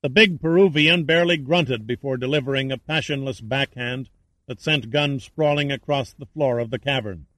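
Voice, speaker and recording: A man reading a thriller novel aloud in measured, dramatic narration. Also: mid-range voice, a bit bright, dry recording. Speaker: audiobook narrator. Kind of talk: scripted narration.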